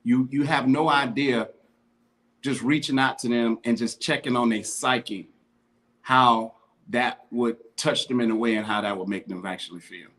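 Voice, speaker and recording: Man, podcast co-host, earnest casual chat, slangy, mid-pitched voice. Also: fairly even intonation, moderate pace, fairly bright tone.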